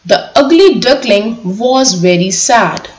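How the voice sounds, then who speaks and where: A woman teacher giving an online lesson to young children, reading a story aloud slowly and spelling out words letter by letter. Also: a little high, animated, a little hiss or hum. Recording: echoey room.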